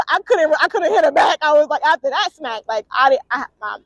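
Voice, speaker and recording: A woman with a high voice tells a story in a relaxed, chatty way, playing out each back-and-forth with bursts of laughter. The sound is dry and close. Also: no room sound. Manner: animated, laughing, acts out quotes. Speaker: interview guest. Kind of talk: casual storytelling chat.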